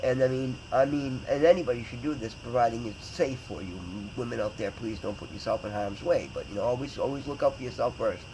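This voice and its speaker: A man's voice: mid-range voice, brisk, hardly any pauses, background noise. A man telling a personal story in a rambling, earnest way, full of fillers and restarts. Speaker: vlogger in recovery.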